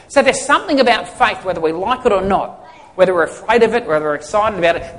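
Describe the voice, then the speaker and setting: A male pastor preaching a sermon in a conversational way, asking the congregation questions and answering them himself. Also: high voice. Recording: long hall reverb.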